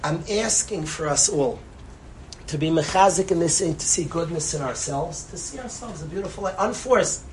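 Impassioned male preacher, loud then hushed. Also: a little high, lively intonation, moderate pace, slight background noise, rough recording. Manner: impassioned, swinging between loud emphasis and soft, hushed phrases; repeats phrases for emphasis. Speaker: rabbi giving a talk. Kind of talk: sermon.

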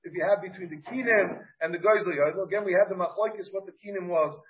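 A man whose voice sits high talks at a quick pace while teaching a Talmud class. He thinks aloud, questions his students, and has an American accent with Yiddish-Hebrew pronunciation, all captured in a dull, muffled recording.

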